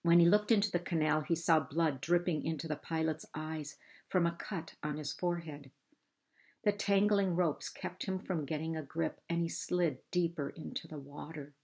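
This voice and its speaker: A woman reading a children's novel aloud, measured and unhurried, lifting her voice for the characters. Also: sits low, steady tone, darkish tone. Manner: slow, measured storytelling with raised voices for dialogue. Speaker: reader.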